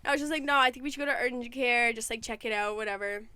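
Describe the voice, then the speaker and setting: A woman's voice: on the high side, racing, smooth, dry recording. A young woman in college telling a long story in casual podcast chat, full of "like" fillers. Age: young adult. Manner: animated storyteller, lots of "like" fillers.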